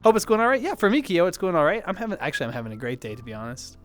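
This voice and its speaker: A man with a fairly high, smooth voice, chatting casually on a livestream as he answers viewers. He rambles and restarts his sentences, apologizes often, and laughs easily. Soft music plays faintly behind him. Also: sing-song, no echo. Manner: rambling, self-correcting, quick to apologize and laugh. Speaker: livestreamer reading chat.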